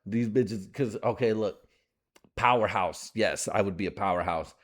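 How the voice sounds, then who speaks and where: A man's voice: fairly low pitch, moderate pace. A man in his thirties hosting a podcast, rambling through a crude casual monologue, swearing and laughing often. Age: 30s. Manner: breaks into put-on voices for bits. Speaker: podcast host.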